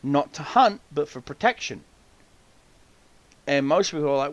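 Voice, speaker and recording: A man hosting a podcast, telling hunting stories in a casual, profane, animated way and acting out the people he quotes. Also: on the high side, a little slow, long pauses, no echo. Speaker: podcast host. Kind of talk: casual storytelling chat.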